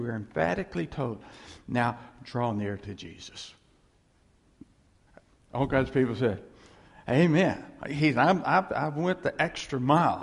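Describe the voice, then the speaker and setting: A man's voice: fairly high pitch, vocal fry, long reverb tail. A man preaching a sermon on scripture, emphatic and repetitive, asking the congregation for responses. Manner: emphatic, repeats phrases, calls for audience response.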